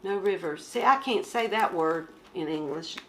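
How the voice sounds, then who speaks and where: A woman's voice: lowish voice, moderate pace, slight background noise. A woman chatting casually as she shows her craft kit, rambling and joking about herself. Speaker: crafting vlogger. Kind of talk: casual show-and-tell chat.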